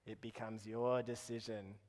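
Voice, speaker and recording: A man's voice: on the low side, flat delivery, unhurried, a little mellow, in a large hall. A man giving a playful live talk to an audience, quizzing them as he goes. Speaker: keynote speaker.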